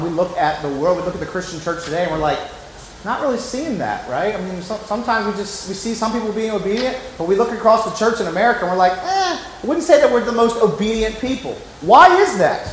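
High-voiced emphatic preacher man. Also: reverberant, slight background noise, rough recording. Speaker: pastor. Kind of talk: sermon.

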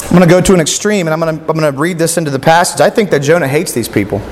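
Man, preacher, sermon, high voice, rhetorical questions, long echoing reverb. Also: rapid-fire, noisy background. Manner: rhetorical questions, reads scripture aloud.

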